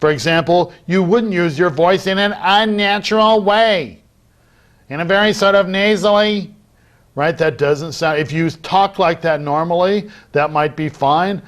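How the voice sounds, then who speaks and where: A middle-aged man giving a recorded lecture on public speaking, acting out loud, soft, fast and slow delivery as he explains it. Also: a little high. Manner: demonstrates vocal techniques while teaching, varying loudness and pace. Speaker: debate lecturer.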